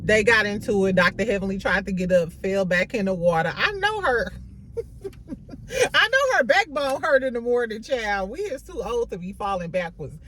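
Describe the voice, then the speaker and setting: A woman talks through a reality show episode in loose, profane, gossipy chat. Her pitch swings widely, jumping up and down as she tells the story, though it sits in a middle range overall. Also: animated, normal speed, a bit bright, a little hiss or hum. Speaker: reality TV recap host. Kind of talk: casual reality show recap.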